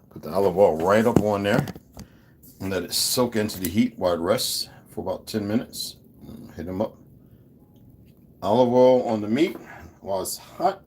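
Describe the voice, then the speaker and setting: Chatty man with a lively voice. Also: fairly low pitch, a little hiss or hum. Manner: talks to viewers in chatty asides, mutters to himself. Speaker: live streamer. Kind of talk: casual live-stream chat while cooking. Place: home kitchen.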